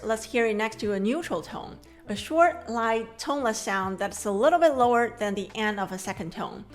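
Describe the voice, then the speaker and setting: A woman in her thirties whose first language is Mandarin, teaching a scripted lesson with clear, measured explanations. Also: mid-range voice. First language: Mandarin Chinese. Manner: clear, measured explanations with slow modeled drills.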